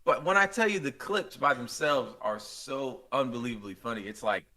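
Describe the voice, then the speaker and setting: A man's voice: mid-range voice, normal speed. A young man co-hosting a podcast in casual chat, telling stories animatedly and acting out the scenes he retells. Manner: animated storytelling, acts out scenes with quoted voices. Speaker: podcast co-host.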